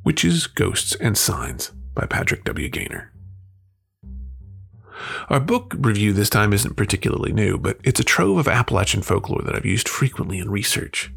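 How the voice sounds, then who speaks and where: A man's voice: fairly low pitch, very animated, moderate pace, gravelly, fairly bright tone, breathy edge, soft background music. A man hosting a folklore show, telling a folktale in a folksy storytelling manner and then reviewing a book. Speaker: folklore podcast host.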